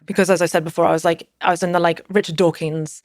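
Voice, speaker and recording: A woman with a fairly low voice tells a personal story as a podcast guest. She rambles casually, filling her sentences with "like" and restarting them. The sound is dry and close, with no room around it. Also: level tone, quick pace, dry recording. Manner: rambling, frequent "like" fillers and restarts.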